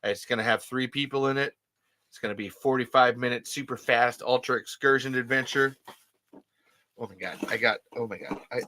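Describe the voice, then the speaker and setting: An excited vlogger, gasping and rambling while unboxing collectibles. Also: mid-range voice, normal speed, a little hiss or hum. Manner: giddy, gasping, swearing, rambling.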